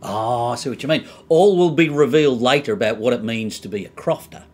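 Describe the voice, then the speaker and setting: A man's voice: mid-range voice, fairly quick, a little mellow, breathy edge. A man from Australia with an Australian accent, co-hosting a comedic review chat with upbeat banter. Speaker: co-host.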